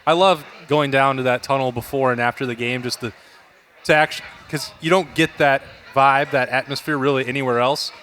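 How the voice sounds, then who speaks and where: A man's voice: mid-range voice, steady tone, fairly quick, a little hiss or hum. A man hosting as a sports reporter, chatting casually about a rivalry. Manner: chatty, mimics shouts when quoting.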